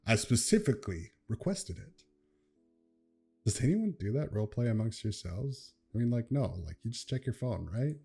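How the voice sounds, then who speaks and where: A laid-back young man talks through memes in an easy, chatty way, laughing often. His voice is mellow and soft-edged, at an ordinary middle pitch. Faint instrumental music plays underneath. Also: lively intonation, brisk, creaky, hardly any pauses, breathy edge. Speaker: YouTuber reacting to memes. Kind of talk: casual reaction commentary.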